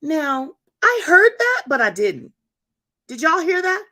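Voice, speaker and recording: Animated woman in her fifties testifying. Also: high-pitched, slow pace. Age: 50s. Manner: lively, talks straight to the audience. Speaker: church speaker and show host.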